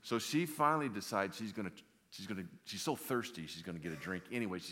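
Deep-voiced preacher telling a story. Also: male voice, quick pace. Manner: animated, acting out the story, repeating words. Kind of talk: sermon storytelling. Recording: long hall reverb.

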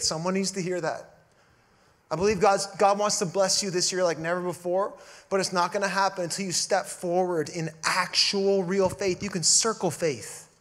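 Male pastor, high voice, sermon delivery, punchy emphasis with soft drops. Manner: emphatic preaching, swelling and dropping to a hush.

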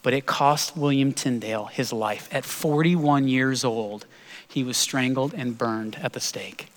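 A man preaching a sermon as pastor, telling a story earnestly and slowing down for emphasis. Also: mid-range voice. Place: church sanctuary. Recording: long hall reverb.

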